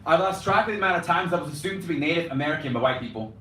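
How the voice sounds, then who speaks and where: A man's voice: fairly high pitch, lively intonation, very fast, bright, forceful tone, slight background noise. A young man performing slam poetry live, moving between Spanish and English in a rhythmic spoken-word delivery. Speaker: slam poet. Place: cafe performance space, indoors. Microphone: room mic from a distance. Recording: echoey cafe room, distant mic.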